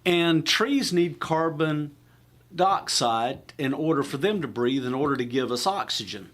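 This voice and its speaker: A man's voice: a little high, lively intonation, unhurried, a bit bright. A man with a Florida accent co-hosting a talk radio show, emphatic and rambling, with lots of restarts. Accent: Florida Southern. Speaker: radio co-host. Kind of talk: casual talk radio chat.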